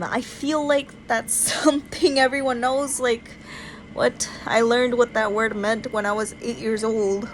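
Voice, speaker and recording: A woman's voice: on the high side, fairly even intonation, a little slow, slight background noise, rough recording. A young woman ranting casually into her phone in an exasperated, incredulous way, full of "like". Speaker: vlogger.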